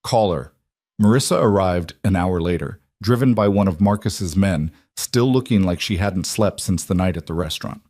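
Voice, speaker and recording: A man narrating a dramatic story in a calm, even reading voice. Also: sits low, moderate pace, few pauses, dry recording.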